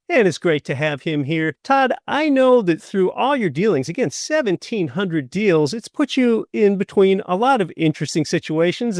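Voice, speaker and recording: A man hosting a podcast interview, introducing his guest with brisk, upbeat delivery. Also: sits high, dry recording. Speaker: podcast host.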